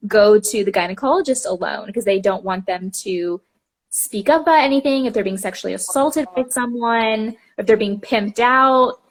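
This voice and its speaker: A woman's voice: a little high, normal speed. Chatty young woman telling stories. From Texas, USA. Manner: chatty, storytelling with quoted voices and laughs. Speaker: podcast host. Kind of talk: casual chat. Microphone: video call.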